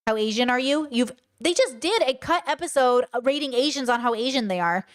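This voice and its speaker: A woman streamer giving casual reaction commentary, blunt and animated, swearing freely as she rants. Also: high voice, a little fast.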